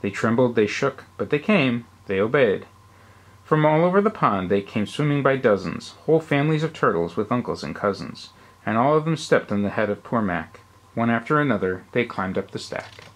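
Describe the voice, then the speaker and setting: A man, a father, reading a rhyming storybook aloud at bedtime with an expressive, rhythmic delivery. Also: mid-range voice, moderate pace.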